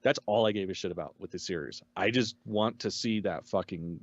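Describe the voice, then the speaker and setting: A man's voice: sits low, a little fast, dry recording, lo-fi sound. A man co-hosting a casual review podcast, laid-back and profane, often chiming in with agreement. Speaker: podcast co-host.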